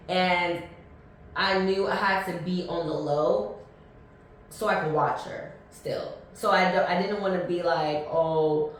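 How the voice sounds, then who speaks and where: A woman in her thirties hosting a podcast, telling a personal story in a casual, animated way and acting out both sides of the dialogue. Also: lowish voice, heavy reverb, recorded from a distance, a little hiss or hum. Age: 30s. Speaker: podcast host.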